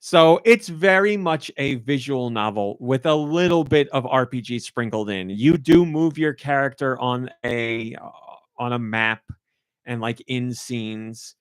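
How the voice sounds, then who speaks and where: A man talking casually on a podcast, medium-pitched and effusive, tripping over himself with "like" and false starts. His voice is dry and close, with no room sound. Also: unhurried, smooth, dry recording. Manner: rambling and effusive, heavy use of "like". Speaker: podcast co-host and game reviewer.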